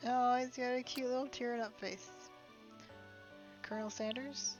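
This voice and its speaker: A woman's voice: fairly high pitch, steady tone, normal speed, lo-fi sound, soft background music. Incredulous, laughing young woman streamer. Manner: incredulous, laughing, sweary reactions. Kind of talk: live game playthrough with reading aloud.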